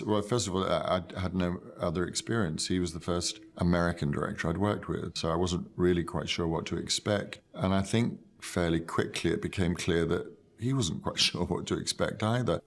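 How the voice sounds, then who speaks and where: An older man, an actor, recalling a film role in a measured, thoughtful, self-deprecating interview. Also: sits low, creaky. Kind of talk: reflective interview.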